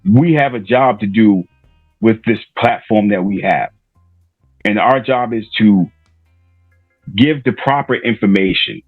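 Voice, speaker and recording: A man's voice: lowish voice, no echo, phone-quality sound. A middle-aged man from Rhode Island, a podcaster guest telling stories casually and loosely, with many fillers and restarts. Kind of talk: casual interview storytelling.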